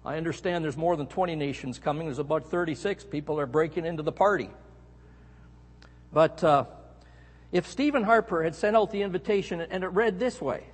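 A middle-aged Canadian man preaching a sermon, telling a story with animated emphasis on key words. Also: on the high side, brisk, husky. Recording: echoey hall.

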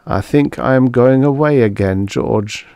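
A man's voice: mid-range voice, measured pace, gravelly, a little mellow, smooth, dry recording, clean studio sound, voice pushed up. A man doing a frail bedridden old professor. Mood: weak. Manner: weak, desperate.

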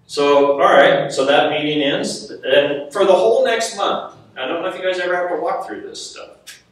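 A man preaching a sermon to a live audience, telling a personal story in an animated, self-mocking way and laughing often. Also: fairly high pitch, normal speed. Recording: echoey hall, mic at a distance.

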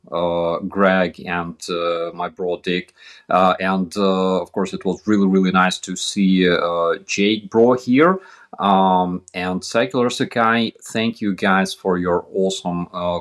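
Deep slow guy, lots of uhs on a stream panel. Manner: halting, many filler pauses. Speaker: panel guest. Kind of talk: casual live-stream chat.

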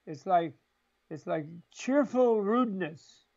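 His voice is high and darkish with lively intonation and a slow pace, and the recording's highs are cut off. An older man and Buddhist scholar, he's an interview guest who spins chuckling, rambling stories in conversation, acting out the quoted voices.

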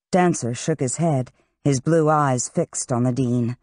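An audiobook narrator reading a fantasy novel in an expressive, scripted way on a close mic. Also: mid-range voice, measured pace, dry recording.

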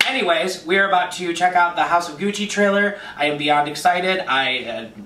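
A young man hosting a reaction video, gushing dramatically and breaking into quick asides as he reacts. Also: high voice, pushed and bright, a little hiss or hum. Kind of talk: excited reaction commentary. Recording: echoey room, distant mic.

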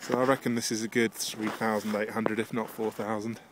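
A man out of breath, rambling casually with lots of fillers as he films himself outdoors on a high mountain ridge with a handheld camera. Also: flat delivery, a little fast, background noise. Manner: rambling, chatty, with many fillers. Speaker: vlogger. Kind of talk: casual handheld vlog narration.

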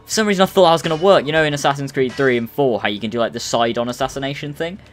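A young man, giving chatty, excitable commentary while playing a video game. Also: medium pitch, racing, faint music behind. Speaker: let's play gamer. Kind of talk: casual gameplay commentary.

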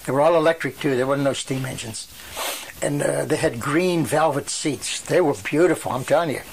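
An elderly man tells his stories in a rambling way, acting out the people he quotes. His voice sits a little high for a man. A faint hiss of noise runs under the recording. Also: normal speed, creaky. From western Pennsylvania. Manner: rambling storyteller who acts out quoted voices. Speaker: oral history interviewee. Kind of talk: storytelling reminiscence.

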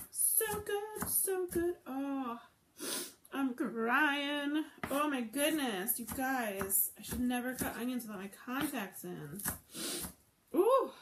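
A woman's voice: fairly high pitch, noisy background. A woman hosting a live cooking stream, chatting with viewers and gushing over the food as she cooks. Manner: chatty, answers viewer comments while cooking. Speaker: cooking show host. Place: home kitchen.

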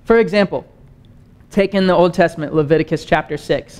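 A man's voice: a little high, quick pace. A man preaching in a conversational teaching style, explaining with rhetorical questions. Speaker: pastor. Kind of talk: teaching sermon.

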